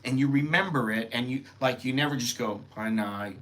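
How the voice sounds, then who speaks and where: A man's voice: mid-range voice, brisk, a bit bright. An American man hosting a casual live-stream lesson, explaining words in a loose, rambling way with lots of fillers and asides. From United States. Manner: rambling, informal, thinking aloud with fillers. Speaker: host teaching Thai phrases.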